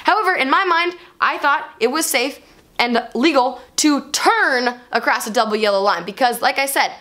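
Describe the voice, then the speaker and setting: A woman vlogger telling a personal story to camera in an animated, expressive way. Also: high-pitched, normal speed.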